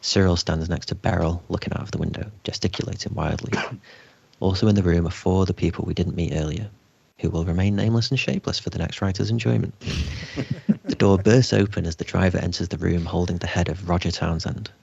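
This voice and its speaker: Give me a deep, raspy man narrating a script, on dull, dry audio. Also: steady tone, fast talker, darkish tone, no room sound. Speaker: writer reading stage directions. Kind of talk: script table read narration.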